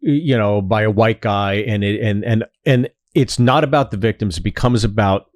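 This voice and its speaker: A man's voice: lowish voice, moderate pace, no echo. A man from Pittsburgh telling heated, profane anecdotes as a guest in a casual podcast chat.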